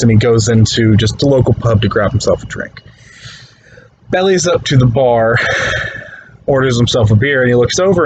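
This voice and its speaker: A man recording a slow, deadpan video message from his bedroom on a phone. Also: a little hiss or hum, low-quality recording. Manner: slow, deadpan, low-key.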